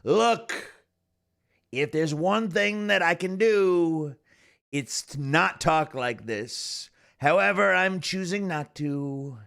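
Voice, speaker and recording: A man putting on the voice of a boastful, brash older male politician, dragging his words out slowly. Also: on the high side, expressive, creaky, a bit bright, pitched above the performer's own voice, full character voice. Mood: smug. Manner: slow, drawn-out bragging delivery.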